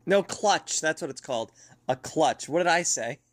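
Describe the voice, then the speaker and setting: A woman's voice: deep voice, animated, normal speed. A young woman streamer chatting casually and laughing at herself while playing a game. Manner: giggly, self-mocking, chatty.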